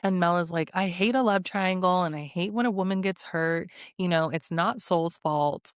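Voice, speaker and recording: A woman's voice: fairly low pitch, moderate pace, clean tone, no room sound, studio quality. A young woman giving a sassy, casual recap of a reality show, with blunt opinions and laughing asides. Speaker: recap vlogger.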